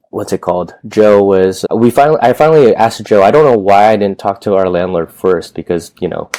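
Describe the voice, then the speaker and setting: A man's voice: deep voice, dark tone, dry recording. A man in his thirties, a gym owner telling his story in a loose, rambling way, with casual swearing. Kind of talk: casual interview chat.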